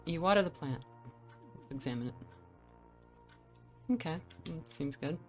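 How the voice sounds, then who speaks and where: Relaxed low-voiced woman gaming. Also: unhurried, faint music behind. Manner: rambling, relaxed, with fillers. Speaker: streamer narrating a playthrough. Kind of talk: casual game commentary.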